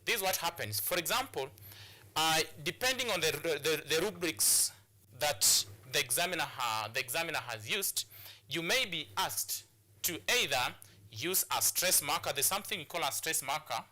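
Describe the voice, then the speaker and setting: Bright-voiced man teaching a lesson. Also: on the high side, lively intonation, moderate pace. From Kenya. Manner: repetitive, drilling points, many restarts and fillers. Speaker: English teacher. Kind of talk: classroom lesson on a TV show.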